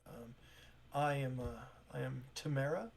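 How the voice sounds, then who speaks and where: A man voicing a flustered, polite young woman clerk in a shop. She speaks softly and hesitantly, with many pauses. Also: mid-range voice, creaky. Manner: hesitant, soft-spoken, many "um"s.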